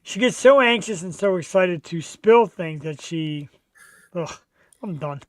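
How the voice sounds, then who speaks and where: A man's voice: high-pitched, expressive, measured pace, no room sound. A middle-aged man hosting a show, telling a birthday story with lots of swearing. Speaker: show host. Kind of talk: casual birthday chat.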